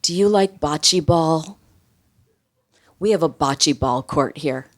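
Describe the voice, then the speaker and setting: A woman's voice: low voice, slow. A woman doing an eager, overfriendly staff man. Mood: cheerful. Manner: eager, upbeat. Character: overly friendly male senior center worker.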